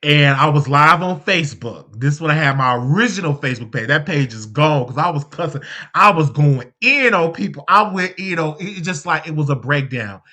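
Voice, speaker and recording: A male host giving commentary on a clip, expressive, telling a personal story with loud exclamations. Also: fairly high pitch, normal speed.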